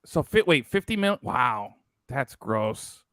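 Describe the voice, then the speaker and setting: A man's voice: medium pitch, big pitch swings, slow, pushed and bright, smooth, dry recording. A man co-hosting a casual sports talk show, loose and profane, rambling with plenty of fillers. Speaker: podcast co-host.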